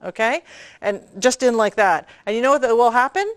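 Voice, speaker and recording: A woman's voice: fairly high pitch, animated, a little fast, dry recording, studio quality. A woman midwife teaching a prenatal class, talking hands-on and checking in with her listeners. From Canada. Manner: chatty, demonstrative, often checking in with "okay?".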